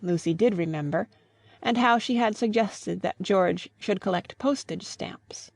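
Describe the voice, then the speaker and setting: A woman calmly narrating a classic novel as an audiobook, in a mid-pitched voice. The recording is dry and close, with no room echo. Her reading is measured and even. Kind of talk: scripted narration.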